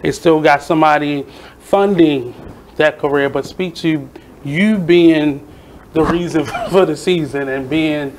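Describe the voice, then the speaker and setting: A man's voice: a little high, a little slow, a little hiss or hum, low-quality recording. A man hosting a radio show, chatting casually and giving reflective advice to his guest. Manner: reflective, advice-giving, frequent "mm-hmm" backchannels. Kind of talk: casual interview chat.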